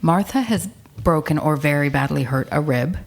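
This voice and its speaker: A woman co-hosting a podcast, playful and teasing and quick to laugh. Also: deep voice. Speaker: podcast co-host. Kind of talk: casual podcast chat.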